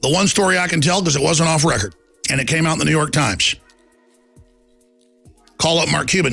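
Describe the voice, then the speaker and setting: A middle-aged man hosting a talk show, delivering an impassioned monologue with emphatic swings from quiet storytelling to loud defiance and acting out the people in his stories. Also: fairly high pitch, moderate pace, creaky, pauses often, slightly rough, soft background music. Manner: acts out quoted people in the stories.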